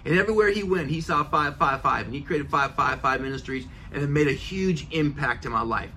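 Man, middle-aged, podcast host, motivational talk, earnest, emphatic, repeats phrases, somewhat high voice, faint background noise. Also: fairly quick, sharp tone.

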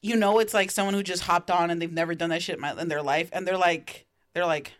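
A woman's voice: lowish voice, fast talker. A young woman co-hosting a casual chat podcast, telling stories with lots of laughter and "like". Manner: giggly, animated storytelling with lots of "like". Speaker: podcast co-host.

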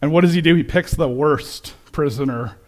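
A man preaching a sermon with slides, conversational and self-correcting, turning animated when he quotes people. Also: a little high, normal speed. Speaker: pastor.

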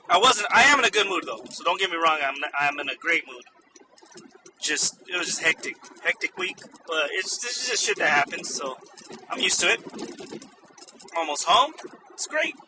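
A man's voice: high voice, expressive, normal speed, long pauses, background noise. A young man, a store manager, animatedly telling a story in a casual vlog, swearing freely and laughing often.

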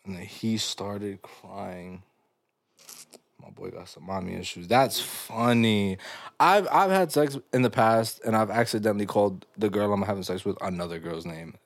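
A man's voice: on the low side, moderate pace, vocal fry, no room sound. A young man hosting a casual comedy podcast, reading listener stories aloud and reacting with crude slang and frequent laughter.

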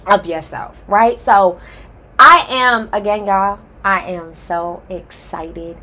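Addressing her audience as "y'all," a podcast host gives a passionate solo opening to her show, full of heartfelt emphasis and a mix of nerves and excitement. Her voice is mid-range and sharp in tone, and she speaks slowly.

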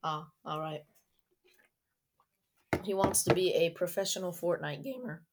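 A woman's voice: fairly low pitch, a little slow, heavy background noise. A teenage girl chatting casually into an online voice recorder, teasing and bossing a younger child. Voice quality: teasing, bossy.

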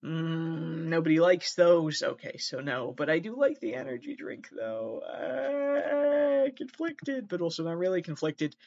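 In a casual comedic monologue, this male podcast host rambles and pokes fun at himself, tripping over names as he goes. His voice is a little high, creaky, and a little mellow, with lively intonation, normal speed, and few pauses, on a dull, slightly muffled lo-fi recording that's dry with no echo.

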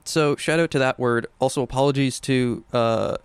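A man's voice: mid-range voice, normal speed, clear, resonant tone, no echo. A young man co-hosting a podcast, chatting casually and playfully, savoring the words he talks about. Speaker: podcast co-host. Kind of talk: casual chat.

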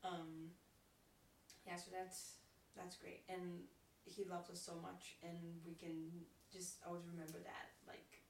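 A woman sharing in a casual Bible study discussion, hesitant with many pauses. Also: fairly low pitch, completely flat delivery, creaky. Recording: distant mic in an echoey room with faint noise.

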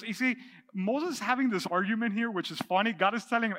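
A man preaching in a large church hall, his voice high and ringing bright. He reads scripture aloud and presses his points with animated energy, and a long reverb trails every phrase. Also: moderate pace. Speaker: pastor. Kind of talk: sermon.

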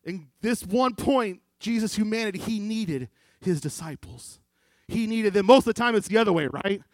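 A man preaching a sermon, quoting scripture and swinging from loud pleading to hushed, low delivery. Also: lively intonation, moderate pace, no room sound. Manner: quotes scripture in King James wording.

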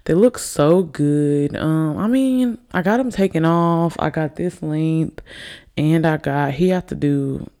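A young woman hosts her own podcast in loose, rambling chat, a little tipsy and calling her listeners y'all. Her voice is low-toned and mellow with a gravelly, fry-laden edge. She speaks into a desk mic on camera. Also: takes it slowly. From Alabama, US. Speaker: podcast host. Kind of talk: casual solo podcast chat. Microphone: desk microphone on camera.

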